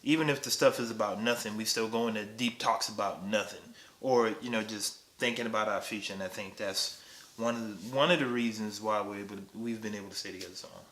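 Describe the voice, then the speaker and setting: A man's voice: on the low side, quick pace, fairly bright tone. A man in his thirties, a husband in casual couple chat, who teases his wife in a playful way with many fillers and laughs. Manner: teasing, playful, full of laughs and filler words. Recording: echoey room.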